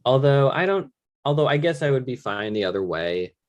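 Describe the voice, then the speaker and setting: A man's voice: medium pitch, sing-song, brisk, muffled recording. A young man co-hosting a fantasy league podcast, talking casually and often hesitating to search for words. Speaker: podcast co-host.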